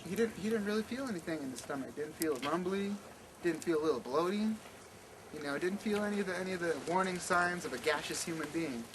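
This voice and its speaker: Animated male campfire storyteller, slightly high voice, loud outdoor noise behind. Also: fast. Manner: animated, repetitive, stammering restarts. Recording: noisy outdoor camp recording.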